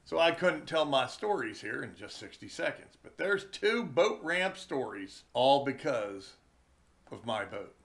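A man's voice: mid-range voice, very animated, creaky, a bit bright. A man who runs fishing charters, telling wry stories in a chatty, casual vlog from his den indoors. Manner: slow, chatty, wry storytelling.

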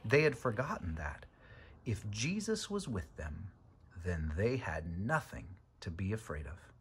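Expressive male storybook narrator. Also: deep voice, a little slow, slight background noise. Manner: expressive, dramatic.

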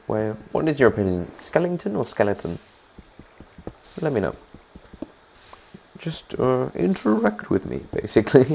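This let's play clip features a man with a lowish, gravelly, mellow voice. He's a gaming channel host talking through his own playthrough in a loose, chatty way, frequently turning to viewers for their opinions.

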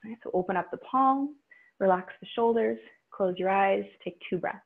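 A woman's voice: medium pitch, normal speed, vocal fry. Woman guiding yoga over tinny audio. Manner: calm, instructive cueing of breath and poses. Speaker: yoga instructor. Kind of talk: guided yoga class.

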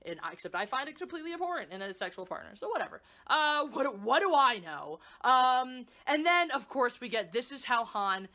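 High bright-voiced woman ranting sarcastically about a movie, swears a lot. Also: fairly quick, hardly any pauses. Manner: sarcastic, profane, animated ranting. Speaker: movie reviewer. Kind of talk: ranting casual review.

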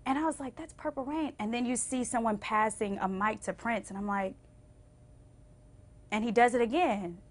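A young adult woman singer telling stories as a TV interview guest, acting out quotes with big swings and going hushed when moved. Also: moderate pace. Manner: expressive, acts out quotes with big pitch swings. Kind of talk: animated storytelling in a TV interview. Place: TV station interview.

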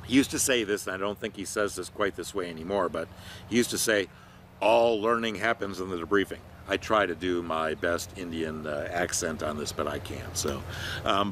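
A man's voice: lowish voice, fairly bright tone, a little hiss or hum. An older man who works as a training consultant, telling stories about his career in a rambling, conversational way with many fillers. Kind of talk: reflective talk to camera.

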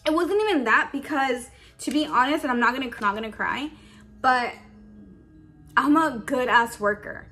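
A young woman with a slightly high voice talks casually about her old job, saying "like" over and over. She is emotional and on the verge of tears as she vents. Faint music plays softly underneath. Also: moderate pace. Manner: emotional, holding back tears; casual, says "like" a lot. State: tearful. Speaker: beauty vlogger. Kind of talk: get-ready-with-me storytime.

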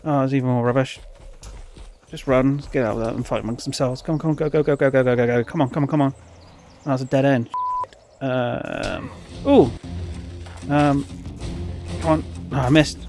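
A man giving excitable, rambling gameplay commentary, full of fillers and urgent chanting. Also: mid-range voice, moderate pace, gravelly, long pauses, soft background music. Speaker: gaming YouTuber.

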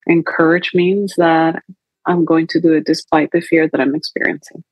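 Her voice is deep and her delivery flat, at a normal speed, with no room sound and the highs cut off. As a holistic coach on a podcast, she reflects on feelings in conversational coaching talk and acts out her inner dialogue in quoted voices.

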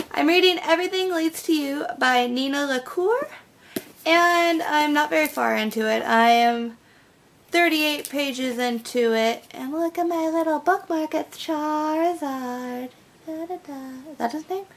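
High-voiced bubbly young woman. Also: a bit bright, slight background noise. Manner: chatty and bubbly, with many fillers. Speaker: book vlogger. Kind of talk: casual bookshelf tag vlog.

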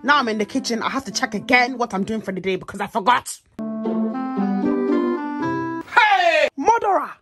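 A woman's voice: on the high side, quick pace. Playful young woman narrating a skit. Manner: dramatic, exaggerated, deadpan asides. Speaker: comedy skit creator. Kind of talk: comic narration. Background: background music.

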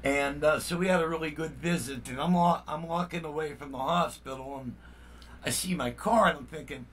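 A man's voice: a little high, brisk, fairly bright tone, recorded from a distance, slight background noise. An older man, a musician hosting his own channel, talking to viewers in a blunt, rambling way, full of "you know what I mean.". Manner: heated and indignant. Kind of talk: casual vlog talk to viewers.

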